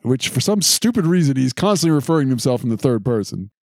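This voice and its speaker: A man's voice: mid-range voice, sing-song, fast, a little mellow, no room sound, studio quality. A man co-hosting a casual chat, steadily recapping events with occasional fillers. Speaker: podcast co-host.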